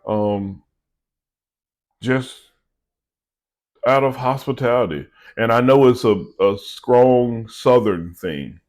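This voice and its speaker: A man's voice: medium pitch, slow pace, pauses often, darkish tone. A middle-aged man, a vlogger and small business owner, giving an earnest, conversational devotional talk to his viewers.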